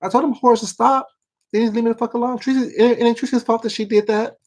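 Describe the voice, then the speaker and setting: Give me a man playing a loud, high-pitched, exasperated woman cussing out hecklers. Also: steady tone, quick pace. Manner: exasperated, repeating herself, swearing.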